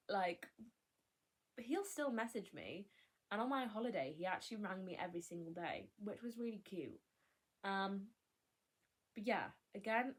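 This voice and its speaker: A young woman vlogger chatting candidly, rambling and cutting herself off with laughs. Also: mid-range voice. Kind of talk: casual chat.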